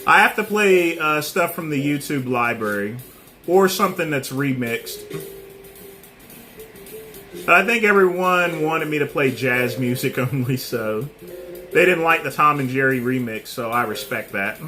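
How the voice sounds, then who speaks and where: A middle-aged man hosting a casual livestream, answering viewers' comments by name and pausing often on fillers. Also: a little high, animated, pushed and bright, soft background music. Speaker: livestream host.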